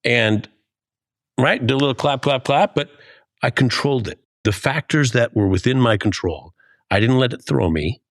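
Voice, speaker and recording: A man's voice: medium pitch, moderate pace, no room sound, clean studio sound. A man in his fifties co-hosting a podcast, telling stories in a casual chat and acting out the lines he quotes. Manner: animated storytelling, acts out quoted lines. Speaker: podcast co-host.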